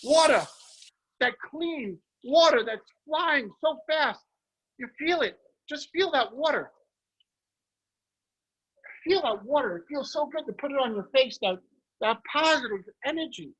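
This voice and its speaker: A man leading a guided visualization on a group video call, energetic and emphatic, repeating his phrases. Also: extremely high pitch, measured pace, pauses often, lo-fi sound. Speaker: motivational speaker.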